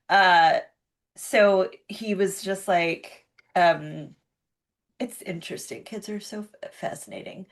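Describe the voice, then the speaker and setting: A woman's voice: on the low side, a little slow. A woman in her thirties co-hosting a podcast, chatting casually and telling stories with lots of fillers and restarts. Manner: rambling, storytelling with many fillers and restarts. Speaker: podcast co-host. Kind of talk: casual chat.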